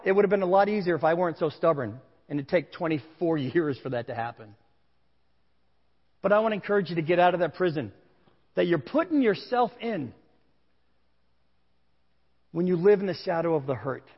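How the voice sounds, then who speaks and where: A man's voice: high-pitched, animated, fairly quick, pauses often. A male pastor giving a sermon to a congregation, telling a candid personal story in a conversational way. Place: large room with a congregation. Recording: dull sound with long hall reverb.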